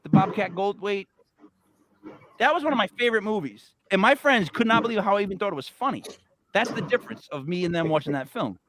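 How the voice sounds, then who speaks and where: A man hosting a casual paranormal talk show, excitable and stammering as he jumps between ideas. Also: high voice, quick pace, a little hiss or hum. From Italian-American. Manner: excitable, stammers and repeats words. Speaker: podcast host. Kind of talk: casual chat.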